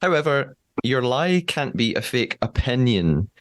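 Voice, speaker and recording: A young man hosting a podcast, reading a scripted intro and then interviewing a guest with quick laughs. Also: mid-range voice, big pitch swings, dry recording. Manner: upbeat, laughs often. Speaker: podcast host.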